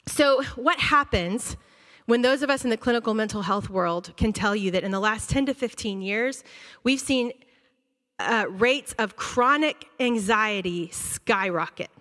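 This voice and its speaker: A woman school counselor giving an animated, conversational talk to a church audience, acting out her students' reactions. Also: a little high. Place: church auditorium. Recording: long hall reverb.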